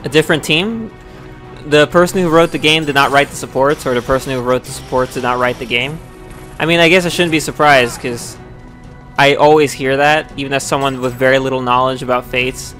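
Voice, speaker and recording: A young man streaming a video game live, rambling casually between bouts of swearing and frustrated yelling. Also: mid-range voice, a little fast, faint music behind. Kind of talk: live gameplay commentary.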